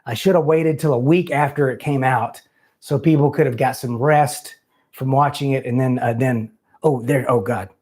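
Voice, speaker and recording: A man hosts a live call-in show in a loose, rambling way. He curses casually and pokes fun at himself. His voice sits at a plain middle pitch. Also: normal speed, darkish tone. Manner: rambling, self-deprecating, loose and profane. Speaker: host.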